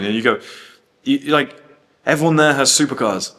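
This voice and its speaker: A man's voice: medium pitch, moderate pace, bright, forceful tone. A man from the UK talking casually and bluntly, telling stories full of quoted dialogue and swearing. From United Kingdom. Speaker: host. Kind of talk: casual monologue.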